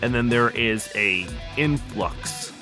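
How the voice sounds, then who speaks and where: A man narrating a tabletop game as game master, quick and lively, laughing now and then. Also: medium pitch, over music.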